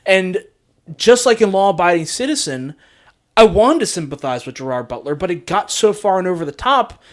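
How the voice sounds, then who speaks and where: A man's voice: high-pitched, animated, moderate pace. A man co-hosting a casual movie podcast, rambling through his thoughts with many fillers and restarts and laughing easily. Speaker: podcast co-host.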